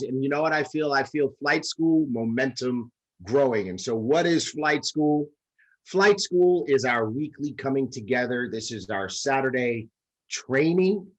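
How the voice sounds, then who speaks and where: A man's voice: medium pitch, highs cut off. Hype male livestream host. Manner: upbeat, hype. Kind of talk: livestream shout-outs.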